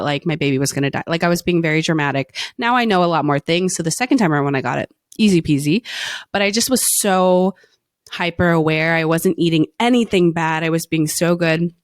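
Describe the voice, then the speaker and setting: A woman's voice: on the low side, brisk, no room sound, clean studio sound. A young woman from Florida co-hosting a podcast, telling a personal story in casual chat with self-mocking humor. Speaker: podcast co-host.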